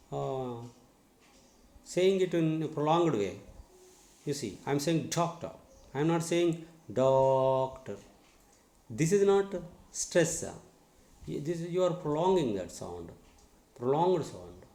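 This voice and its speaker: A man with an Indian English accent teaching English pronunciation in a slow spoken lesson, repeating words to model stress and drilling his students. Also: on the high side, lively intonation, mellow. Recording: echoey room.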